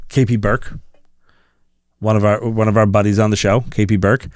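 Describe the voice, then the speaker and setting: A man hosting a podcast, chatting casually in an animated, joking way. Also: lowish voice, normal speed, no room sound, clean studio sound. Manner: animated and joking, laughs often. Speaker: podcast host.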